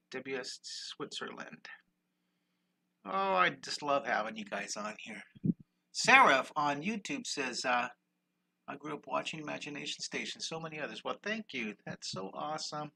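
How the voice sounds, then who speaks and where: A man's voice: fairly high pitch, animated, unhurried, vocal fry, pushed and bright, a little hiss or hum. An older man teaching a live-stream drawing lesson, upbeat and encouraging, greeting viewers while he draws.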